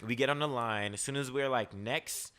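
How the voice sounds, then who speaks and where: Bright-voiced young man telling stories. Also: mid-range voice, moderate pace, clear, resonant tone. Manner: animated, profane, lots of "like" and "yo". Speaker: podcast host. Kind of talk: casual storytelling chat.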